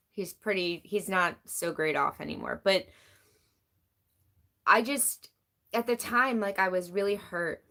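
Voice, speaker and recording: A woman's voice: fairly low pitch, sharp tone. A woman talking casually on a live stream, candid and rambling, full of "like", answering chat as she goes. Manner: candid, rambling, heavy use of "like"; reads and answers chat comments.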